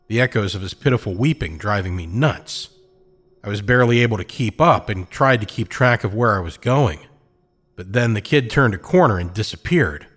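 A man's voice: lowish voice, fairly bright tone. A man narrating a pulp adventure in the first person, in a hardboiled, slangy storytelling manner.

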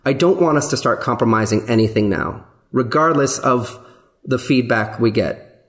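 A man with an ordinary mid-range voice speaks earnestly on a podcast, choosing his words slowly. He fills pauses with ums and repeats words as he goes. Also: mid-range voice. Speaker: executive producer of the podcast. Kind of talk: casual podcast discussion.

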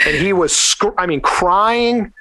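A man with a slightly higher voice tells a long story in a casual, animated way, filling his talk with "like". The sound is dry and close, with no room around it. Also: takes it slowly, dry recording. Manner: rambling, animated, lots of "like" fillers. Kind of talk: casual anecdote.

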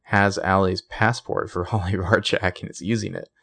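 Gravelly low-voiced man recapping casually. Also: moderate pace, dry recording. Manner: animated, acts out characters' lines in higher voices. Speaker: podcast co-host.

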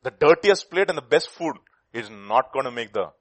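A man's voice: mid-range voice, normal speed. A man preaching a sermon, asking the congregation questions and telling a folk story to make his point. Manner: animated, rhetorical questions, storytelling.

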